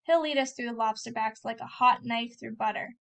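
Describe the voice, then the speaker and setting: A woman's voice: on the high side, a little fast, gravelly, fairly bright tone. A woman voicing a hotheaded young man, an older brother and soldier who is boastful and easily exasperated, as she reads a novel aloud. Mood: cocky.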